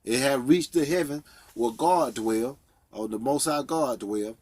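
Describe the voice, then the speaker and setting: A man's voice: medium pitch, darkish tone, no echo. A man teaching a Bible study, reading verses aloud and explaining them, checking in with frequent "okay?" and "all right?". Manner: reads scripture slowly, explaining with frequent "okay?".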